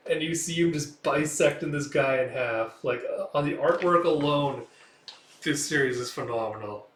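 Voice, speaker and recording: A man's voice: fairly high pitch, a bit bright, slight background noise. A young man casually hosting a comic read-through, chatty and rambling with lots of fillers. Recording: roomy, distant mic.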